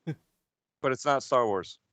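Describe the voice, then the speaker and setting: A man guesting on a gaming chat show, teasing the others with deadpan jokes. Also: medium pitch, moderate pace, no room sound. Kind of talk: casual chat.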